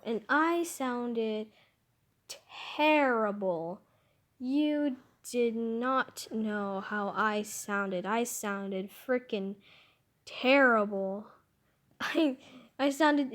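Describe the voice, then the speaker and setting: A woman casually reading her own fan story aloud, rambling and self-conscious, with frequent restarts and asides. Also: a little high.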